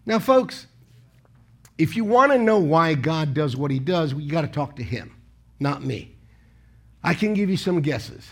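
A man with a notably high voice delivers a sermon that feels like a conversation with the pews. He asks his listeners rhetorical questions and keeps breaking into sudden loud emphasis on key words. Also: lively intonation, a little slow, pauses often. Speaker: preacher.

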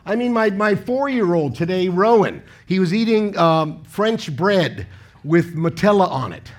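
A man preaching a sermon in a conversational way, asking the congregation questions and punching key words with sudden loud emphasis. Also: high-pitched, expressive, unhurried. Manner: asks the congregation rhetorical questions.

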